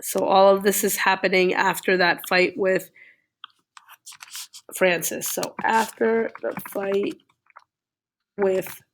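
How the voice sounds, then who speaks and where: A woman teacher reviews a reading with her class, retelling the story in a relaxed, conversational way. She keeps checking in with her listeners, tagging her sentences with "okay?" and "all right?". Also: mid-range voice, slow, pauses often, a little hiss or hum.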